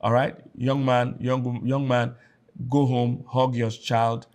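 A man's voice: mid-range voice, level tone, slow pace, darkish tone. A man with a Nigerian accent, preaching a sermon as pastor, emphatic and repeating key phrases. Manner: acts out quoted speakers in a raised voice.

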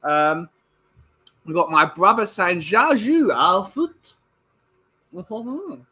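A man's voice: sits high, lively intonation, very slow, bright, forceful tone, slight background noise, low-quality recording. A tired man, hosting a casual livestream and chatting as he reads out viewers' greetings. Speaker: livestream host.

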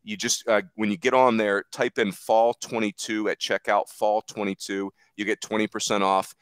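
A man hosting a podcast in casual, rambling chat, quick to joke. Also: lowish voice, level tone, clear, resonant tone, no echo. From Philadelphia area. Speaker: podcast host.

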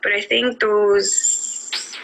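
A woman's voice: medium pitch, flat delivery, extremely slow, gravelly, a bit bright, low-quality recording. A middle-aged woman, an adult student, tells her personal story in an earnest, heartfelt way, often saying "you know". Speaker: adult student award winner. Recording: music playing underneath the voice. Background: music.

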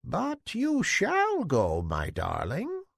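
A man voicing a feeble, kindly old fairy godmother in a slow, croaking, high-pitched voice. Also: huge pitch swings, a bit bright, no echo, studio quality, heavily acted. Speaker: storybook figure.

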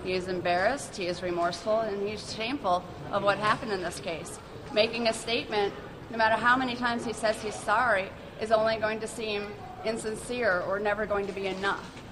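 A woman speaking as defense lawyer, calmly explaining her client's position to press. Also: medium pitch, brisk. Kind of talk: press statement. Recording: noisy background.

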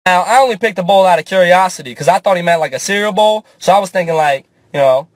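Animated young male comic storyteller. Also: high-pitched, quick pace, no room sound. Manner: animated, profane, swings into character voices. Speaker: comedian.

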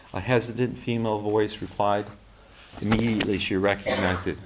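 Man giving a measured fiction reading. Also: on the low side, fairly even intonation. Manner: measured, restarts now and then. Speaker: author and faculty member.

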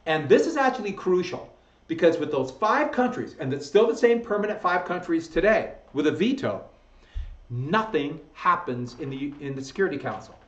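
A man's voice: on the high side, very animated, moderate pace. A man teaching history from slides, talking casually and correcting his own slips as he goes. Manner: conversational, self-correcting, chuckles at own slips. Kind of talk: recorded slideshow lecture. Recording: echoey room, dull lo-fi sound.

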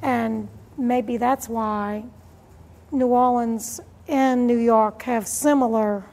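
A woman's voice: fairly high pitch, fairly even intonation, takes it slowly, a little mellow. A woman explaining her thoughts in an interview. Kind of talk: casual conversation. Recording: reverberant room.

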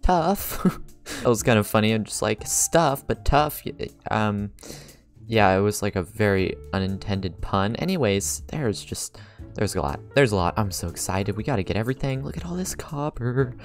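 A man hosting a game let's play, chatting casually to viewers and getting easily excited, with gasps and frequent laughs. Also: on the low side, moderate pace, soft background music. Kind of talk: casual gaming commentary.

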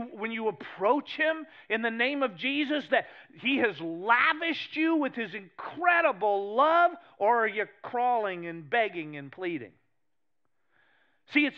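A male pastor with a New England accent preaching a sermon, animated and emphatic, swinging between loud exclamations and hushed asides. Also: extremely high pitch, muffled recording. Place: church sanctuary.

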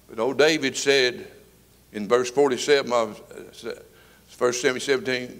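A man's voice: mid-range voice, normal speed, a bit bright. Older man, seventies, church pastor, fervent sermon, rises and falls in volume. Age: 70s. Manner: fervent preaching with rising and falling volume. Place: church sanctuary with congregation.

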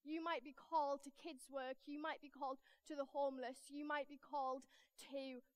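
A woman with a Northern English accent preaching a lively storytelling sermon in church, acting out the voices in her anecdotes. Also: sits high, normal speed, no echo. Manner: animated, acts out voices in anecdotes.

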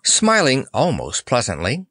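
Expressive, unhurried male storyteller. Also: mid-range voice, slightly rough, dry recording, studio quality. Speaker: audiobook narrator. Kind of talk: scripted narration.

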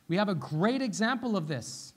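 A male pastor with a fairly high voice delivers a sermon in a relaxed, conversational style. He repeats his key phrases and keeps asking his listeners "right?" as he goes. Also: moderate pace. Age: young adult to middle-aged, father of a little one. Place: church sanctuary.

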